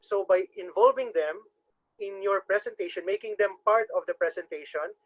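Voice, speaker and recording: This high-pitched webinar lecturer, who is from Cebu, Philippines, and has a strong Visayan accent, teaches public speaking at a moderate pace. Earnest, he often repeats words as he works out his thoughts, and the dry, dull lo-fi webinar audio has no echo.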